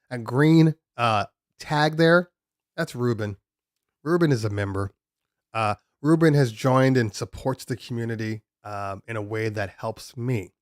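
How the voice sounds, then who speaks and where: A man's voice: mid-range voice, dry recording, clean studio sound. A man hosting a DJ live stream, answering viewer questions in a loose, rambling way with many ums and restarts. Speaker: DJ podcast host. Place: home studio room.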